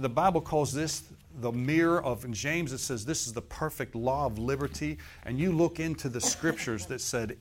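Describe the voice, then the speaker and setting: A male preacher delivering a sermon in a church service. He speaks in a folksy, conversational way, breaking into laughing asides and tossing rhetorical questions at the congregation. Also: mid-range voice.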